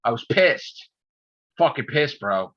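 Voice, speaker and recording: A man's voice: medium pitch, big pitch swings, takes it slowly, muffled recording. A man in casual chat, ranting with heavy profanity. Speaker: podcast host.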